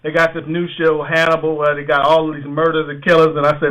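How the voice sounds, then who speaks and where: Rambling American radio host, fairly high voice. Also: male voice, monotone, fast, hardly any pauses, a bit bright, poor audio. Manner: rambling, many fillers and restarts. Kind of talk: casual sports talk.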